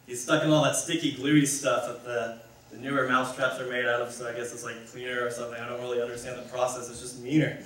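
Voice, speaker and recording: A man's voice: medium pitch, level tone, fast, a bit bright, a little hiss or hum. A man giving a casual, conversational sermon, rambling and correcting himself as he goes. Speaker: speaker. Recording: echoey hall, mic far off.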